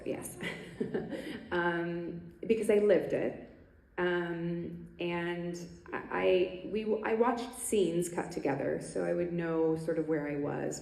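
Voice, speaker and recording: Her voice sits low, gravelly and mellow, as she chats and laughs her way through a convention panel appearance, stumbling over many ums and restarts. Echo from the convention stage hall colors the sound.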